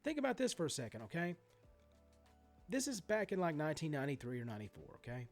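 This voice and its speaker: A man in his forties rants about sports card prices, his pitch swinging up and down as he gets worked up. He swears freely, wanders into asides and trips over restarts. Soft music sits faintly behind him. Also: fast talker. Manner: animated, profane ranting with many asides and restarts. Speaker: sports card collector vlogger. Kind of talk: ranting vlog commentary.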